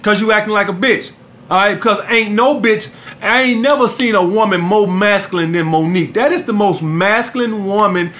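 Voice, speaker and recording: A man's voice: sits high, moderate pace, a bit bright. A man giving dating advice in a podcast monologue, blunt and profane, who keeps saying "guys" and "all right?" to his listeners. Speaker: dating coach and podcast host.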